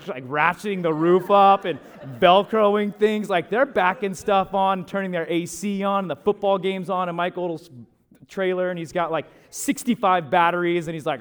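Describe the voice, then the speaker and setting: A young man, a pastor, telling a chatty, animated story from the pulpit, with asides to the listeners. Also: high-pitched, fairly quick. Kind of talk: storytelling sermon.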